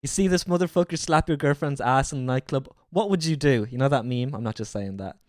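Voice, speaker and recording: A man's voice: mid-range voice, fairly quick, darkish tone, no echo, clean studio sound. A man livestreaming and reacting to a video, joking crudely and swearing a lot, his voice strained.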